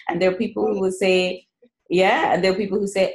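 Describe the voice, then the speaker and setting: A woman's voice: fairly low pitch, steady tone, fast. A woman hosting a business podcast, encouraging her guest and listeners in a chatty way with fillers. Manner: warm encouraging, rambling with fillers. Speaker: podcast host. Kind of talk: podcast interview and outro.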